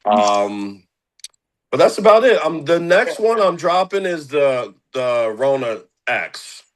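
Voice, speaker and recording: A man's voice: fairly high pitch, big pitch swings, takes it slowly, rough recording. A young man from the Philadelphia area, a guest musician in a casual interview, rambling with slang and lots of fillers.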